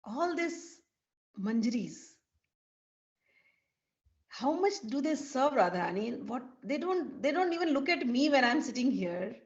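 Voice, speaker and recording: A woman's voice: high-pitched, sing-song, unhurried, pauses often. A woman voicing Krishna as a playful, teasing young divine man, speaking in a coaxing tone. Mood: wondering. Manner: coaxing, wondering. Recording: dull lo-fi recording.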